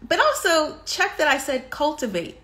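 A woman's voice: sits high, huge pitch swings, normal speed, a bit bright. A woman hosting a casual live stream, talking emphatically, repeating points for stress and laughing between them. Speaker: podcast host.

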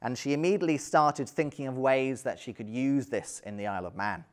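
A man's voice: medium pitch, fairly quick. A man giving an illustrated history talk, conversational, with frequent ums and dry little asides. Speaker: lecturer.

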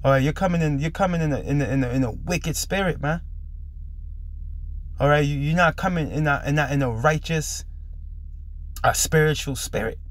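His fairly high voice moves at a normal pace but pauses often. He's the host of a religious commentary on a preaching video, slightly under the weather, speaking with emphasis and tacking "man" onto the end of his lines.

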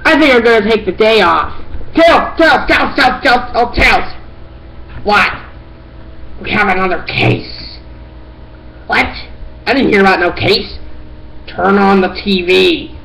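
A woman play-acting a homemade detective story, voicing every character in a playful, giggly way with sudden shouts. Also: mid-range voice, slow, gravelly, long pauses, low-quality recording. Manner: playful, giggly, breaks into shouts and silly voices. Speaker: performer voicing all the characters.

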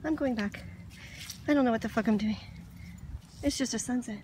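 A woman's voice: on the high side, normal speed, warm tone, a little hiss or hum. A woman vlogging outdoors by the water on her phone, talking herself through her nerves with lots of swearing and sudden whispers. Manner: nervous self-talk, heavy swearing, drops to whispers. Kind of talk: casual self-filmed vlog.

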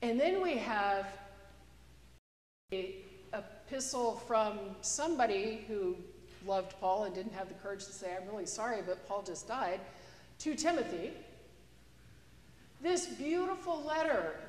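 Woman pastor, fairly high voice, chatty storytelling sermon, roomy hall with long reverb. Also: darkish tone. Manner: conversational, storytelling with a joke. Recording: echoey church with long reverb.

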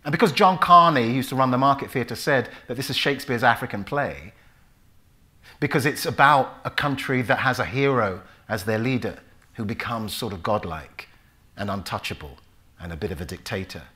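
British male actor, storyteller at a public talk, bright forward tone, acts out voices. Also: medium pitch, normal speed. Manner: animated storyteller who acts out voices and recites Shakespeare. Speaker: actor and author giving a talk. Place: lecture hall before a live audience.

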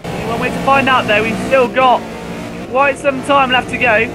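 A man commentating a live sim race, excitable and rising to near shouts at overtakes, his voice going hoarse. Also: very high voice, moderate pace, over music.

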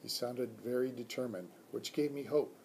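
A man from a school reading a children's book aloud in a calm, measured storytelling manner. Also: medium pitch, creaky, a little hiss or hum. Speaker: school staff reader.

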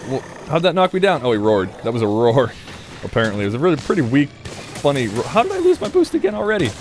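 Animated man narrating his gameplay. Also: medium pitch. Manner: chatty, swears, talks to the monster. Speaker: let's play gamer. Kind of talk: casual gameplay commentary.

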